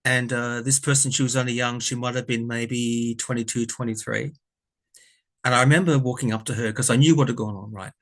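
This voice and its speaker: A man's voice: medium pitch, fairly even intonation, fairly quick. A man, a tarot vlogger telling a personal story to camera in a rambling, earnest way, often correcting himself and getting emotional.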